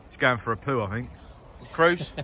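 A man in a relaxed, teasing mood, giving a running commentary as he films his friends outdoors. He laughs easily and ribs the others. Loud outdoor noise sits under his voice. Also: medium pitch, normal speed. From England. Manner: jokey, teasing, laughs often. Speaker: vlogger filming a magnet fishing outing. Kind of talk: casual filmed running commentary. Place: outdoors by a river. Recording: noisy outdoor recording.

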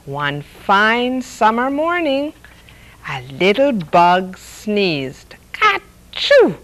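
A middle-aged woman hosting a story hour, reading picture books aloud in a lively, playful way. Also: medium pitch, poor audio. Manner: lively, playful read-aloud with sound effects.

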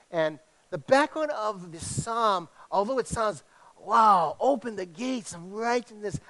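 A middle-aged male pastor from Hawaii with a slight tinge, preaching in an animated, conversational way with many restarts. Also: fairly high pitch. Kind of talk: sermon.

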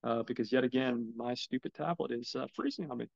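A man's voice: mid-range voice, a little fast, vocal fry, darkish tone, no echo, muffled recording. A man hosting a casual film podcast alone, rambling with many ums and swearing when his gear acts up. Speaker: podcast host reviewing films. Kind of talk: casual solo film talk.

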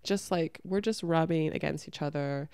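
A young adult woman with a low, gravelly voice, talking frankly as a podcast host. She swears without hesitation and leans on "like" in nearly every sentence. She tells her stories with animated, acted-out reactions, and the sound is close and dry. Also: moderate pace, dry recording. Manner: blunt, swears freely, heavy use of "like"; animated storytelling, acts out her own reactions. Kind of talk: candid casual chat.

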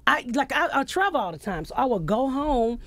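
A woman's voice: sits high, fairly quick, dry recording. A middle-aged woman comedian telling candid stories in a radio studio interview, blunt and profane. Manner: blunt, profane, animated storytelling. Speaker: comedian guest. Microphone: studio mic.

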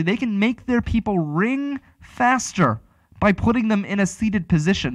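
Chatty rambling talk host. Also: male voice, fairly high pitch, dry recording. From Pittsburgh area. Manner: rambling, chatty, with many restarts. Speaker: radio talk show host. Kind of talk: casual solo talk.

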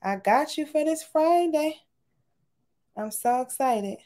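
A woman's voice: sits high, lively intonation, takes it slowly. A woman, casually chatting and signing off from a livestream, talking affectionately to her viewers. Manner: warm, chatty, says y'all often. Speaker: livestream host. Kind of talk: casual livestream sign-off chat.

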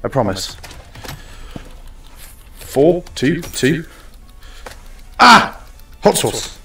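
A man's voice: fairly high pitch, sing-song, drawn-out words, creaky, sharp tone, recorded from a distance. A young man streaming a game, chatting casually and playfully bossing around the customers. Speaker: gaming streamer. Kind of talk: casual live-stream commentary. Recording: roomy echo, off from the mic.

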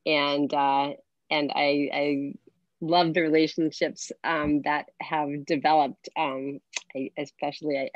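A woman's voice: low-pitched, no echo, highs cut off. A woman on a video call giving a hesitant farewell tribute, full of fillers and restarts. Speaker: school district staff member.

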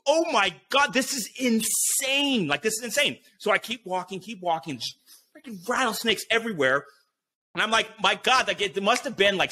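Bright, forceful man telling a wild story. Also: high-pitched. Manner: vivid retelling that acts out his own inner voice, with frequent swearing and fillers. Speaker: podcast guest, BASE jumper. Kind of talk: animated storytelling.

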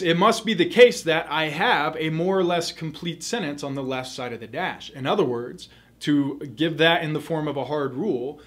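A man tutoring for a test, explaining grammar rules in a clear, methodical lesson and repeating the key points. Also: on the high side, normal speed.

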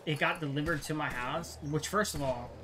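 A man's voice: fairly high pitch, moderate pace, noisy background. A young man chatting casually while playing a game online, swearing often and rambling through stories. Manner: swears a lot, rambling anecdotes. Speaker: gamer co-playing. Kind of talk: casual gaming chat.

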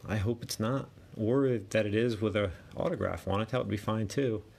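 Male host, lowish voice, reads out cards in quick casual commentary over faint background noise. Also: creaky, darkish tone. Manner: rattles off card names, chatty asides to himself. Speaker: card break host. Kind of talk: casual card-opening commentary.

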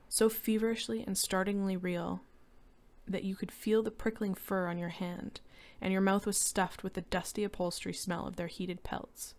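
Low, gravelly woman reading a story. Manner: steady, descriptive narration. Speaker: reader. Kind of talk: reading a short story aloud.

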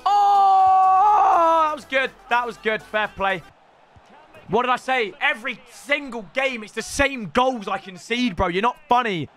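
A young man commentating his own football video game matches, excitable and sweary, ribbing his opponents. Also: very high voice, moderate pace. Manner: excitable, shouty, sweary banter. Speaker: gaming YouTuber. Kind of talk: live gameplay commentary. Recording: game music behind voice.

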